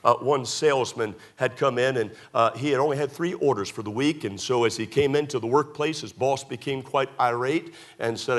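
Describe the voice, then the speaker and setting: A man's voice: medium pitch, moderate pace, few pauses. A man preaching a sermon, emphatic, firing rhetorical questions at the congregation and telling folksy stories. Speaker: pastor.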